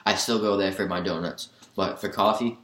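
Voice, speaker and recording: A man's voice: low voice, fairly even intonation, normal speed, a bit bright. A young man from Massachusetts co-hosting a casual sports chat in a laid-back way. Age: young adult. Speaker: sports podcast co-host. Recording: echoey room.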